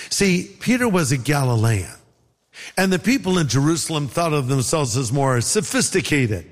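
A man's voice: on the high side, lively intonation, moderate pace, in a large hall. A man from California with a Californian accent, preaching a sermon in a conversational style full of rhetorical questions. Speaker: pastor.

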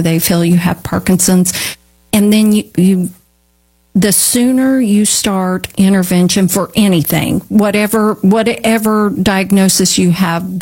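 A woman from a therapy company answering interview questions in a measured, explanatory way, with frequent ums and restarts. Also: on the low side, darkish tone.

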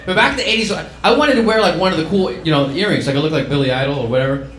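A man doing stand-up comedy in a club, loud and mocking as he does impressions. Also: on the high side, rapid-fire. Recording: roomy live club with crowd noise.

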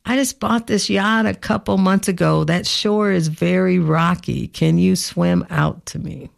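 A woman voicing an older male yacht owner calling out loudly across the water. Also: on the low side, fairly even intonation, unhurried, creaky, pitched above the performer's own voice.

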